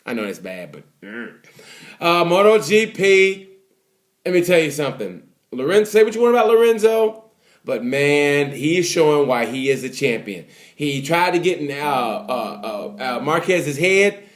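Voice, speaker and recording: Male vlogger, fairly high voice, casual race recap, lively then hushed, phone-mic feel. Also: normal speed. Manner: animated, swings from excited to subdued, many fillers. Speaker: motorsport commentator. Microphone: phone or camera mic.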